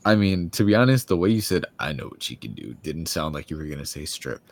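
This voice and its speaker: A man's voice: rumbling low, very animated, fast talker, creaky, no room sound. A young man casually recapping an anime episode, laughing often and acting out the characters' lines.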